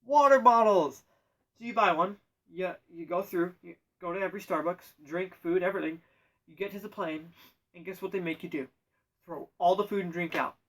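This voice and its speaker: A man spins a rambling comic monologue in a deadpan manner, tripping over his words and correcting himself. His voice sits fairly high for a man. He sounds distant from the microphone. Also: fairly quick. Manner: deadpan, self-correcting, absurd asides. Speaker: storyteller.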